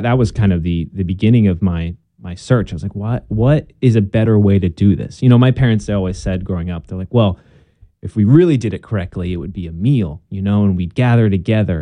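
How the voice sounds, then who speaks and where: A young man speaks as a guest in an unhurried conversation, earnest and a little halting as he restarts his sentences. His voice is very dark and mellow, sitting on the low side. The sound is dry and close. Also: no echo. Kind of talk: casual conversation.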